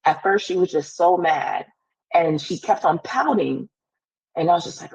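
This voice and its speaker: A woman's voice: on the low side, expressive, moderate pace, creaky, darkish tone, dull audio. A woman as a podcast guest, telling a personal story in an earnest, casual way, full of "like" fillers. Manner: earnest, heavy use of "like" fillers.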